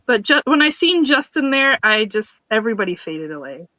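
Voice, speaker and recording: A woman's voice: fairly high pitch, big pitch swings, brisk, sharp tone, no room sound, low-quality recording. A woman guest chatting casually and nervously, often repeating and restarting her words. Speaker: guest, newlywed bride. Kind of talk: casual chat.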